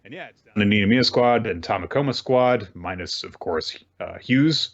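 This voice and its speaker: Low-voiced man recapping manga, lo-fi sound. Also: lively intonation, creaky. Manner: swears casually, retells plot with quick asides. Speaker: podcast co-host. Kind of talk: casual manga recap chat.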